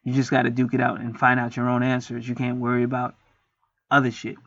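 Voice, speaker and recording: A man's voice: medium pitch, completely flat delivery, fairly quick, fairly bright tone. A man talking in a rambling, profane, preachy casual monologue as host of a spiritual video. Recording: dry, dull lo-fi sound.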